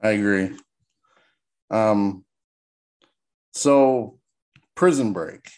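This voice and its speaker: A man with a lowish voice hosting a podcast interview. He asks loose, conversational questions about his guest's career, with plenty of filler. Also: extremely slow, darkish tone. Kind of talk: casual interview.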